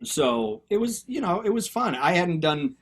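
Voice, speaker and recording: A man's voice: high voice, normal speed, gravelly, husky. A man, an actor guest telling stories in a casual chat, often repeating words as he starts. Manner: animated storyteller, repeats words when starting.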